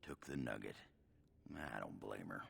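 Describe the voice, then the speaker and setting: An actor playing a gruff, grieving male dwarf warrior in a video game, with a rough, self-mocking way of talking. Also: rumbling low, lively intonation, unhurried, fairly bright tone, no echo, full character voice. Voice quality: gravelly, rough.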